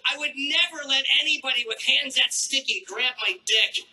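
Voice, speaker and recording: A man doing a crude stand-up routine on a theater stage with a handheld mic, brash and mock-outraged, troubled by his throat and clearing it. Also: very high-pitched, moderate pace, bright, forceful tone, poor audio. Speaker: stand-up comedian. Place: theater stage before a live audience.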